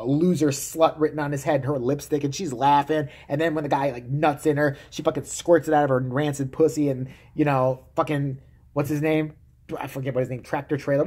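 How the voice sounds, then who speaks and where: A man's voice: mid-range voice, a little mellow, husky. A man delivering a vulgar, heated, mocking solo rant to camera. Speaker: vlogger.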